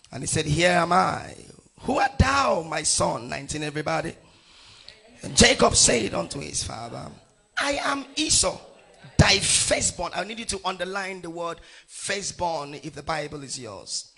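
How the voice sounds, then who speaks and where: A middle-aged male pastor from Nigeria leading his congregation through a Bible passage verse by verse, calling out each verse and rising to shouts on key lines. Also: high-pitched, very animated, moderate pace, gravelly, husky. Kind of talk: sermon with congregational scripture reading.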